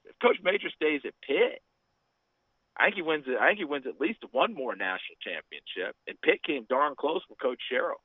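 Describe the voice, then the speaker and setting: A man's voice: a little high, big pitch swings, moderate pace, husky, no room sound. A man calling in to a radio show, speaking in a heartfelt, emphatic way about a former coach. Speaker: caller, former player. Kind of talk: radio call-in. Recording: tinny phone line, dry.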